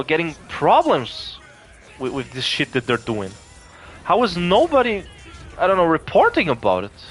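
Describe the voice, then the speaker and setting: A young man with a slightly high voice, swearing freely as he rambles through a heated rant. His talk is casual and profane, with faint game music playing underneath. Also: fairly bright tone. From Germany. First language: German. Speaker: gaming video creator. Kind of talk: casual rant over gameplay.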